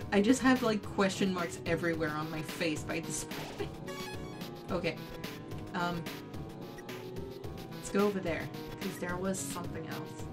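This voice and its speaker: A young woman playing a video game, reading on-screen text aloud between startled reactions. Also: fairly low pitch. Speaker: let's play gamer. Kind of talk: let's play commentary. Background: game music.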